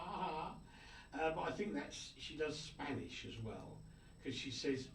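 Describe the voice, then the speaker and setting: A man hosting a radio show, chatting casually and jokingly as he reads out listener greetings. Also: slow. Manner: jokey, chatty, with lively swings of pitch. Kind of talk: casual on-air chat, reading listener messages. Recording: roomy, distant mic with faint noise.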